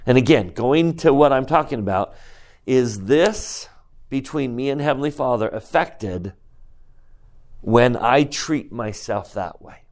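A man's voice: medium pitch, expressive, measured pace, darkish tone. Man teaching a scripture class. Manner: questions the class directly. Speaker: religious teacher.

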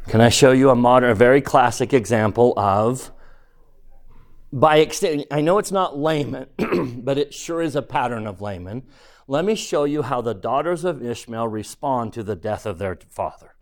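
A man teaching a scripture class, reading verses aloud and quizzing his listeners. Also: a little high.

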